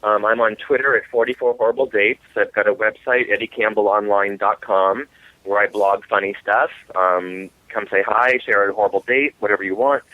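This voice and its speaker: A man with a lowish voice tells comic stories with animated energy. He comes through a thin, phone-like line with a dry, close sound. He acts out the other people's lines as he goes. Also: moderate pace, no room sound. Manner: animated, comic storyteller acting out quotes. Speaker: author guest. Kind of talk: storytelling interview.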